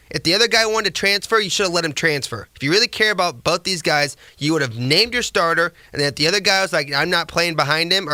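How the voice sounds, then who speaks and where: Sarcastic male podcast host, bright, tense tone, dry close sound. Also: sits high, no echo. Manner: sarcastic, mocking, rambling. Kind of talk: casual sports commentary.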